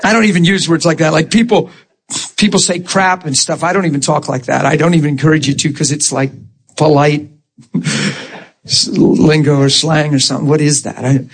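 A man who is a Christian minister, telling stories in an animated chat, emphatic and often laughing as he talks. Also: fairly high pitch, normal speed, breathy edge.

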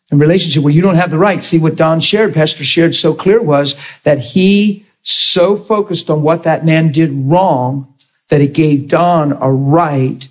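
A man preaching a sermon as a pastor and Bible teacher, chatty and jokey, often laughing and asking the listeners questions. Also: a little high. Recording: muffled lo-fi recording.

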